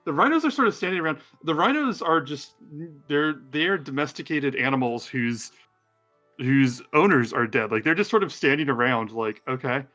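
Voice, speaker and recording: A man's voice: fairly high pitch, lively intonation, normal speed, pushed and bright, faint music behind. A man narrating as game master of a tabletop game, rambling and hesitant, with frequent fillers.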